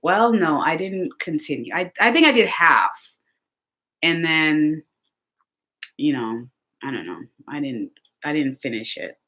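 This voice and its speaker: A woman vlogger chatting casually to her viewers, telling lively stories. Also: low-pitched, unhurried, long pauses. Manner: chatty, animated storytelling with laughs. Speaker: lifestyle vlogger.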